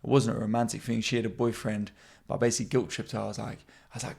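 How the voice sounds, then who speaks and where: A young man, a comedian hosting his own podcast, telling stories in a casual, animated way and jumping into high voices when he quotes people. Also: rapid-fire, vocal fry, slightly rough. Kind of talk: casual storytelling monologue.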